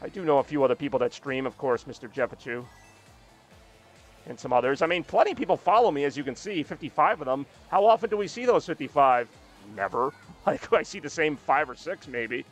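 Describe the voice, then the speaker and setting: A man's voice: on the high side, animated, brisk, faint music behind. A man streaming a racing game, chatting casually with a rambling, self-deprecating, joking manner. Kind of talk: casual live-stream chat while playing.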